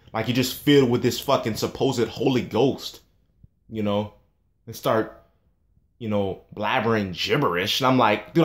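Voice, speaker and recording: A man in a casual monologue, ranting in a heated, scornful and profane way. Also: mid-range voice.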